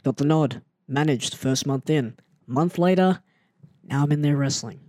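A man telling a story in a casual, animated and self-mocking way, often jumping into an excited higher voice. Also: a little slow, dry recording, clean studio sound. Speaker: storyteller recounting his wrestling start.

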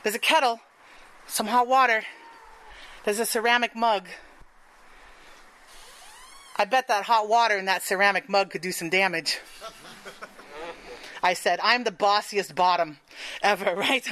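A woman's voice: medium pitch, moderate pace, pauses often, sharp tone, low-quality recording. A woman telling a frank, profane story on stage, laughing often, then hosting the next part of the show.

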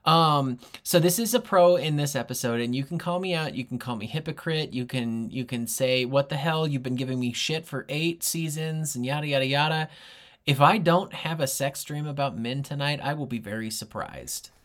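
A man's voice: medium pitch, moderate pace, fairly bright tone. A married man co-hosting a podcast in casual chat, blunt and joking with frequent swearing. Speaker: podcast co-host.

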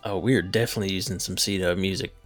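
A man co-hosting a podcast, tossing in quick joking quips in casual chat. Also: deep voice, fairly even intonation, music in the background. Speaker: podcast co-host.

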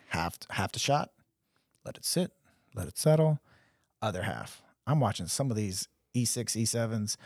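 A man's voice: fairly low pitch, husky, no room sound, clean studio sound. A young man telling stories in casual podcast chat, acting out quotes in different voices. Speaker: podcast co-host.

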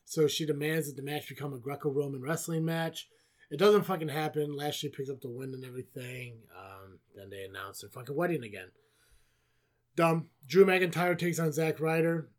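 A man's voice: on the high side, moderate pace. A man co-hosting a podcast, recapping wrestling in casual chat, swearing often and sarcastic. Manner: profane, sarcastic, rambling. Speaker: podcast co-host.

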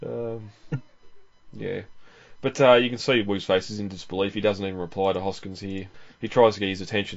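A man with a fairly low voice talks through a film in a relaxed, rambling way, with lots of ums and a chuckle every few lines. He is the host of the show. The audio is dull and lo-fi. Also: normal speed, creaky. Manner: rambling, chuckles often, many fillers. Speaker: podcast host. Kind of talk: casual film commentary.

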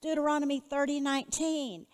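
A woman teaching a Bible lesson in an earnest, measured way, putting questions to her listeners. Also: high voice, steady tone, long reverb tail.

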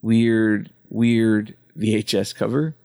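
A man's voice: lowish voice, little pitch movement, takes it slowly, a little mellow, clean tone. A man hosting a casual movie podcast, rambling and swearing, with many fillers.

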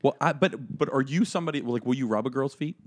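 A young man with a mid-range voice co-hosts a comedy podcast. He tells animated anecdotes with crude humor. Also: mid-range voice, fast. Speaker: podcast co-host. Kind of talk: casual comedic chat.

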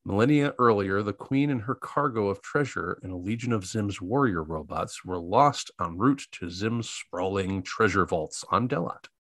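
A laid-back man with a low voice reads a plot summary aloud during a casual chat, tripping over odd names. The sound is dry and close. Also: moderate pace, few pauses, fairly bright tone, dry recording. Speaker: podcast co-host.

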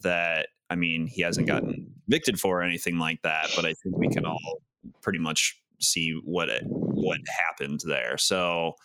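A man co-hosting a sports podcast, relaxed and rambling with fillers. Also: sits low, normal speed. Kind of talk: casual sports chat.

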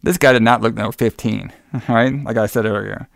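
A man with a gravelly, creaky edge recaps a movie in a rambling, easygoing chat, laughing and swearing as he goes. His voice sounds dry and close to the mic, with no room around it. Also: fairly low pitch, fairly even intonation, moderate pace, no echo. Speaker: podcast co-host.

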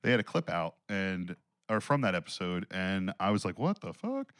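A man's voice: sits low, normal speed, fairly bright tone, smooth, dry recording. A man co-hosting a podcast, rambling casually, swearing freely and getting over a cold. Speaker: podcast co-host.

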